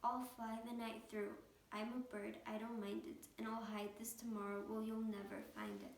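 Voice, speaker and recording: A woman voicing a sneering, mighty male eagle in a storybook, with a hushed, scornful delivery. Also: on the high side, lively intonation, moderate pace, a little hiss or hum. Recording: echoey room, mic at a distance.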